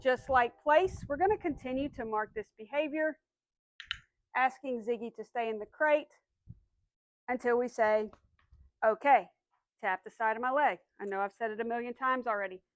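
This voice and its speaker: A woman's voice: fairly high pitch, normal speed, pauses often, no room sound, rough recording. A woman dog trainer patiently explaining commands step by step, then giving the dog short firm cues. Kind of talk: instructional dog training demo.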